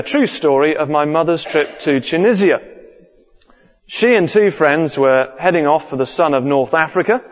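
A man preaching a sermon earnestly, repeating his key points. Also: a little high. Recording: dull lo-fi recording with long hall reverb.

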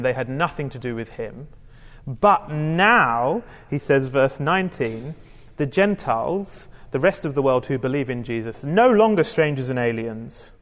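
In a large hall, a man with a British English accent from the UK jokes and chats his way through a sermon to the congregation gathered in a church hall. His pitch is medium.

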